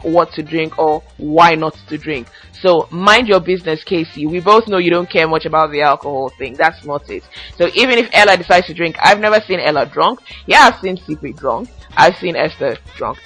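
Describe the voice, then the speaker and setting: A woman's voice: on the low side, fairly bright tone, rough recording. A young woman hosting a casual commentary podcast, ranting with sassy asides and recapping reality show gossip. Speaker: podcast host.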